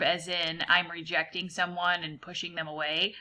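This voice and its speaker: A woman's voice: lowish voice, little pitch movement, pushed and bright. A woman teacher recording a reading fluency lesson for her students, patiently explaining how to pronounce words. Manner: patient, explains pronunciation slowly and clearly.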